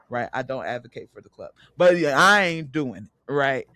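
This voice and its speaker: A very deep voice belongs to this woman in her late thirties, who hosts a podcast and talks at normal speed with few pauses and no echo. Her casual chat is animated, full of laughter and repeated filler phrases.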